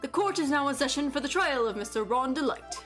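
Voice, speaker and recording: A woman's voice: sits high, animated, fast talker, a bit bright, soft background music, voice pushed up. A woman reading the lines of a fussy, easily confused old male judge in formal courtroom phrasing.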